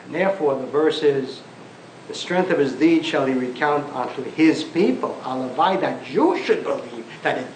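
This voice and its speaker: Animated man lecturing in an echoey hall. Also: medium pitch, moderate pace. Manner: emphatic, repeats phrases for force; sarcastic asides. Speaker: lecturer on Jewish thought. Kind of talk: impassioned lecture. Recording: echoey room with faint background noise.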